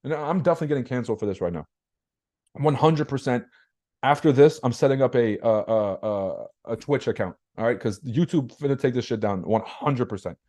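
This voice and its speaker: A man's voice: mid-range voice, expressive, fairly quick, dark tone. A young man hosting a trading webinar, talking bluntly and casually with slang, profanity and rhetorical questions to his viewers. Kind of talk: casual livestream market commentary.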